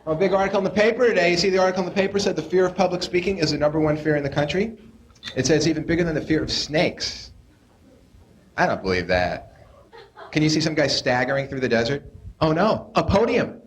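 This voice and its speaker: A man's voice: a little high, quick pace. A young adult man doing a stand-up routine on a club stage, neurotic and self-deprecating, with whiny voices for the characters he puts on. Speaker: stand-up comedian. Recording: noisy 1980s live club tape.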